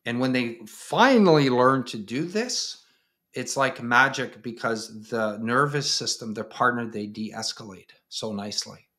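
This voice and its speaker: A blunt, straight-talking man hosts a casual interview as a counselor. He sits at a middle pitch and slips into quick impressions of the people he describes. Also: sharp tone. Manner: blunt, straightforward, acts out quoted voices. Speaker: podcast host, counselor.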